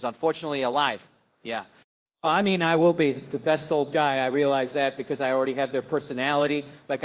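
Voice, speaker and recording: A man doing a stand-up comedy set, grumbling sardonic rants and acting out other people's voices. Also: medium pitch.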